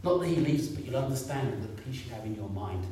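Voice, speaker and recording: A man's voice: medium pitch, lively intonation, fast talker, mellow, a little hiss or hum. A man in his fifties preaching a sermon in a conversational way, repeating points and asking the congregation questions. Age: 50s. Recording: echoey room, picked up from a distance.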